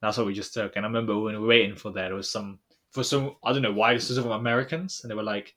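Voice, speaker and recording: A young man, co-hosting a podcast and recounting a trip in casual chat, rambling with many fillers and trailing off quietly. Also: fairly low pitch, steady tone, very fast. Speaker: podcast co-host.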